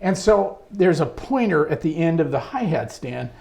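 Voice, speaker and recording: A man being interviewed, telling a long anecdote about his music career in a lively way, laughing often. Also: a little high, normal speed, creaky. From United States. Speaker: interview guest, trombonist. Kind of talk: storytelling in casual interview.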